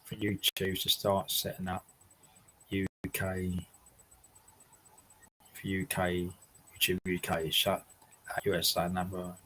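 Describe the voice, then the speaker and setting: Bloke on a home livestream, kinda low pitched, rambles on to chat, cracks up a lot. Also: male voice, monotone, slow, pauses often, pushed and bright, a little hiss or hum, low-quality recording. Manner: rambling and chatty, with frequent laughs and restarts; swears casually. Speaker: livestream host. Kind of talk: casual chat reading viewer comments. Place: his house.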